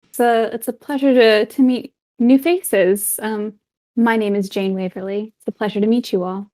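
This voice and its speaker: Woman GM as young farm lady: polite, halting, everyday voice. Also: mid-range voice, fairly even intonation, a little mellow, close to an everyday voice. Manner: polite, hesitant with fillers.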